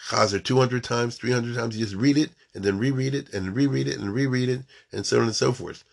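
A man's voice: mid-range voice, a little fast, gravelly. A man giving an informal storytelling lecture, mixing in Hebrew and Yiddish terms and often checking that his listeners follow.

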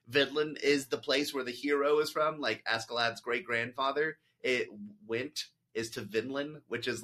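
Rambling man with a bright voice. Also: mid-range voice. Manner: rambling, full of "like" and quoted asides. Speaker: podcast host. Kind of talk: casual chat.

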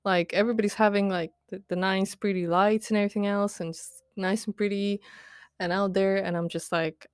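A woman's voice: medium pitch, fairly even intonation, a little fast, smooth, no echo, studio quality. A young adult woman hosting a podcast, ranting casually in a diary style, rambling with lots of fillers, laughing often and poking fun at herself. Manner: self-mocking, candid. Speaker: podcast host.

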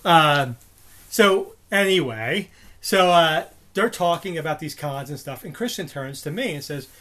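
A New Jersey man in his forties co-hosts a podcast, telling a rambling story full of restarts and fillers in casual chat. His voice is fairly high, bright, forceful and expressive, at a normal speed.

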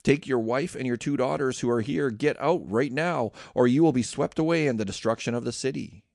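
A man's voice: mid-range voice, fairly quick, creaky, darkish tone, dry recording, clean studio sound, close to an everyday voice. A man voicing stern angelic messengers who give urgent orders. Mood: commanding. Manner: commanding, urgent.

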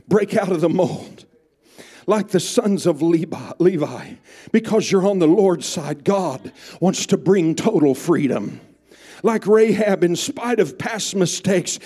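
High-voiced preacher man, breathy. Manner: preaching, rising to shouts, dropping to whispers. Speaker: pastor. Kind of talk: sermon. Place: church service.

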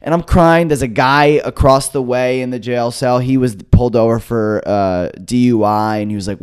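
A man's voice: brisk, hardly any pauses, clean tone. A young man in his twenties, a podcast co-host, telling a story casually, swearing and acting out quotes. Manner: animated, swearing, acts out quotes with jumps in pitch.

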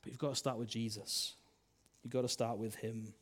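A man, a minister preaching a sermon in a chatty style, full of tag questions and swings between loud and soft. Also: mid-range voice, level tone, moderate pace, breathy edge.

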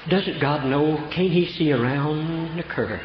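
A man's voice: on the high side, a little slow, a little hiss or hum. An older man preaching a folksy storytelling sermon, from Oklahoma, with homespun rural grammar. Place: church. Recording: echoey church room, dull lo-fi sound.

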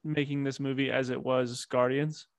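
A man's voice: mid-range voice, little pitch movement, normal speed, no echo. Dry-sounding man asking questions. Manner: inquisitive, asks short questions. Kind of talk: casual movie chat.

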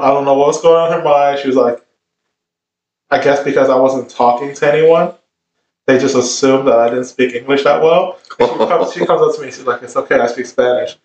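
A man's voice: medium pitch, a little mellow, far from the mic, muffled recording. A man, a chef, telling amused, laid-back anecdotes in casual chat. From Vietnamese heritage. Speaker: chef, podcast guest. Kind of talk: casual storytelling. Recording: roomy, off-mic.

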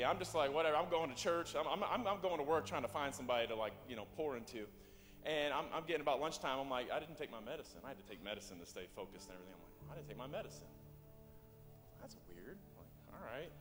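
A man's voice: mid-range voice, fast. Guy in his 30s telling his testimony, lots of um and like, long church reverb, faint music. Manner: rambling, excitable, many fillers and restarts. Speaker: congregant giving testimony. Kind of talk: personal testimony. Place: church sanctuary.

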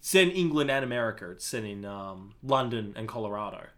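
A man co-hosting a casual film podcast, talking in an animated, enthusiastic way with frequent fillers. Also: on the low side, fairly quick. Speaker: podcast co-host.

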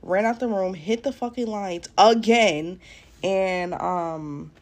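A woman's voice: medium pitch, slow pace. A young woman hosting a casual storytime vlog, talking bluntly and profanely straight to her viewers. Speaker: podcast host. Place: at home doing makeup.

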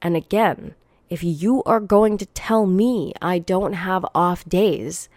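Young woman, podcast host, low voice, blunt swearing rant, coming down with a cold, dry close sound. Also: slow pace, darkish tone, no room sound. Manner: blunt, profane, exasperated venting.

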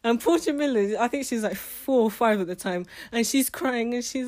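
A woman's voice: a little high, normal speed, hardly any pauses, a little mellow. Chatty woman reviewing a memoir. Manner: chatty and emotional, with restarts and laughs. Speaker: book reviewer. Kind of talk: casual spoken book review.

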